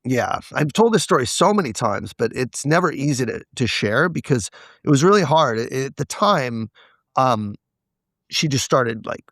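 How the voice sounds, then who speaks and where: A man's voice: mid-range voice, big pitch swings, normal speed, fairly bright tone, no echo. A man as a podcast guest, candidly telling a personal story and acting out the quoted dialogue. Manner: confessional, acts out quoted dialogue.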